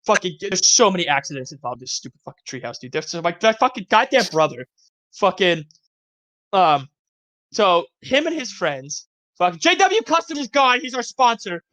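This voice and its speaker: A young man in his twenties, co-hosting a casual podcast, rambling through profane childhood stories with animated yelps and laughter. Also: high-pitched, moderate pace, no echo. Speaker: podcast co-host. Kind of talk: casual chat, storytelling.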